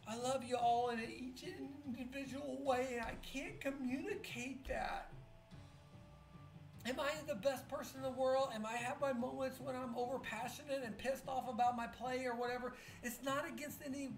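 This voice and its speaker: A woman's voice: high-pitched, fairly even intonation. Drunk, tearful woman streamer. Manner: halting, rambling and profane, with many restarts. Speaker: pinball streamer. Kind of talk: emotional live-stream monologue. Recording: echoey room with faint music. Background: faint music.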